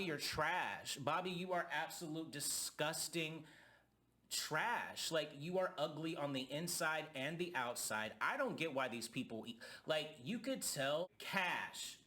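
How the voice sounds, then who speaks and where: A man's voice: fairly high pitch, sharp tone. A young man giving a heated, profane rant reviewing a reality TV reunion. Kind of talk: ranting commentary.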